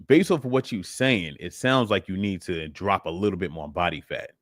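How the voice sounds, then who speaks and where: A man's voice: sits low, normal speed, no echo, clean studio sound. A man hosting a live fitness Q and A, talking casually and filling his speech with "you know what I'm saying". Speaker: fitness host answering live questions. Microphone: livestream setup.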